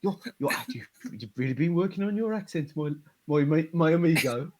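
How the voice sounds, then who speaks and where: A man voicing a genial, old-fashioned gentleman who stammers and barks like a showman while hyping up his partner in a tabletop role-play. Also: sits high, very animated, brisk. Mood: winded. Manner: stammering, theatrical barker. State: out of breath.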